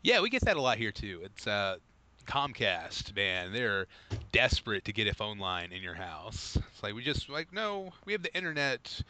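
A man co-hosts a casual podcast, his pitch swinging widely as he jokes. His tone is bright, and he keeps jumping into playful voices. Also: normal speed. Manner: animated, jumps into high mock voices. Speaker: podcast co-host. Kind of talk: casual chat.

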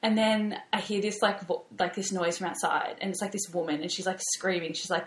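A woman's voice: lowish voice, steady tone, a little fast, few pauses. A young woman with an Australian accent, co-hosting a podcast and telling a story in a chatty way full of "like". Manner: chatty storytelling, heavy use of "like". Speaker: podcast co-host. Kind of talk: casual chat. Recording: roomy echo.

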